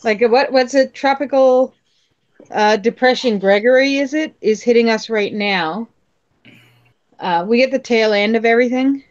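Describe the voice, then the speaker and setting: A woman's voice: a little high, moderate pace, muffled recording. Chatty woman, faint Newfoundland accent. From Newfoundland, Canada. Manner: chatty storyteller, laughs often. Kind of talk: casual group chat.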